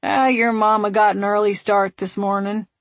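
A woman voicing a wry, patient man with a dry, steady, gently teasing manner. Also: medium pitch, normal speed, dry recording, lightly acted.

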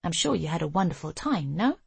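A woman reading the lines of a gentle, puzzled older husband in an audiobook. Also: fairly low pitch, sing-song, fairly quick, vocal fry, breathy edge, no echo, heavily acted.

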